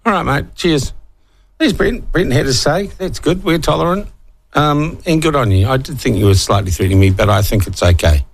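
A man's voice: fairly high pitch, lively intonation, normal speed, creaky. A man hosting talkback radio, breezy and wry, often cutting in on callers. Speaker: radio talk show host.

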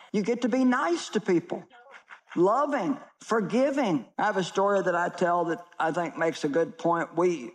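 A woman teaching a sermon to a live audience, telling stories with wide swings in pitch. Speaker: Bible teacher. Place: large hall with audience. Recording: echoey hall.

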